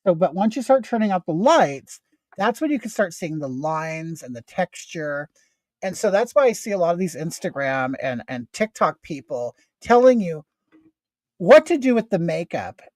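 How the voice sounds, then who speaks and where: A man's voice: high-pitched, big pitch swings, moderate pace, darkish tone, no room sound. A man in his fifties hosting a casual makeup livestream from home, chatting in a rambling way and answering viewer comments. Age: 50s.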